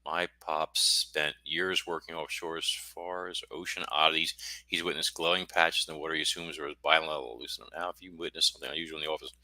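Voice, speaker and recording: Deep-voiced, rambling American man. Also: level tone, a little fast, pushed and bright, no echo. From United States. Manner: rambling, jokey, self-deprecating. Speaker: guest author. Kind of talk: casual podcast interview.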